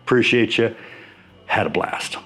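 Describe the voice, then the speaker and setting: A man's voice: on the low side, fairly bright tone, soft background music. A man hosting a home brewing channel, chatting loosely in a casual vlog, joking and acting out little exchanges. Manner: chatty, rambling, jokey; acts out quoted exchanges in quick voices.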